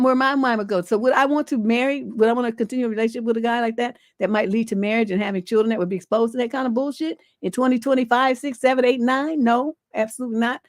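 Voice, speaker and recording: A woman's voice: on the high side, darkish tone, no echo, clean studio sound. Blunt, forthright woman advice host. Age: middle-aged. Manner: blunt, forthright, emphatic, swears freely. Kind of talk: livestream advice talk, reading a viewer letter.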